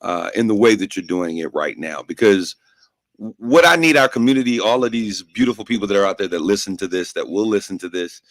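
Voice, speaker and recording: A man's voice: lowish voice, animated, fairly quick, no room sound. Emphatic man hosting a studio show. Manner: emphatic, rallying, preacherly. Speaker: host.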